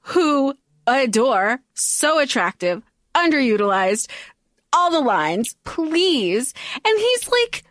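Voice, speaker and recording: A woman co-hosting a podcast in casual chat, bubbly and excitable, laughing often. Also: sits high, takes it slowly, dry recording, clean studio sound. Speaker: podcast co-host.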